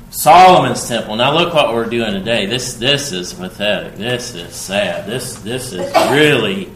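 A man with a lowish voice preaches an expository sermon at a slow, deliberate pace, recorded in an echoey room against a noisy background. He speaks emphatically, growing louder and more forceful when quoting scripture.

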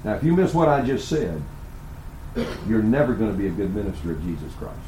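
A man preaching a sermon, swinging between hushed, intimate asides and loud, emphatic declarations. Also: lowish voice, big pitch swings, a little fast, a little hiss or hum, poor audio. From United States. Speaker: pastor.

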